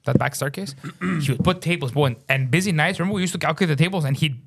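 A young man with a high voice, telling stories in a casual podcast chat. He is animated and drops "bro" into almost every sentence. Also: very fast, gravelly, a little hiss or hum. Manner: animated, says "bro" constantly. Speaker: podcast co-host.

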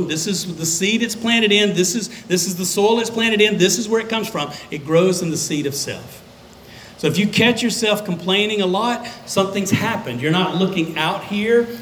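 A man preaching a sermon as a pastor, conversational and emphatic, with dramatic pauses. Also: fairly high pitch, fairly bright tone, a little hiss or hum, rough recording. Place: church sanctuary.

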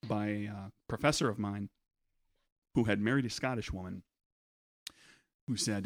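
A man's voice: fairly low pitch, normal speed, pauses often. Joking male podcast host. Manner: joking, tangential. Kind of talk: casual chat.

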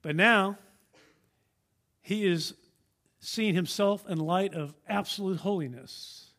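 Earnest high-voiced male preacher. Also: slow pace. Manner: earnest, emphatic, rising and dropping to a hush; repeats and restarts words. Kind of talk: sermon.

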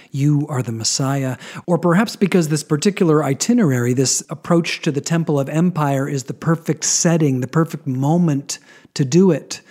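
A man giving a scripted Bible teaching, with dramatic pauses and emphatic drops in his voice. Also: fairly high pitch, darkish tone.

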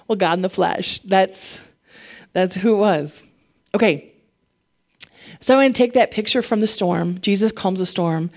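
A woman preaching a casual, conversational sermon, animated and chatty, her voice climbing when she gets fired up. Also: medium pitch, a little slow, long pauses.

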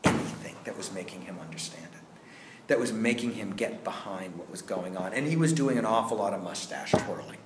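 A man's voice: low-pitched, lively intonation, a little fast, roomy sound, heavy background noise. A man teaching a scene study class, telling a rehearsal story and acting out the lines he quotes. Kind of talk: classroom lecture.

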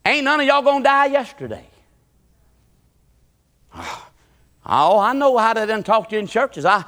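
Preacher with a high bright voice. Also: male voice, very animated, a little slow, pauses often, in a large hall. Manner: preaching with swings from loud shouting to low quiet talk. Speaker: pastor. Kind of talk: sermon. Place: church sanctuary.

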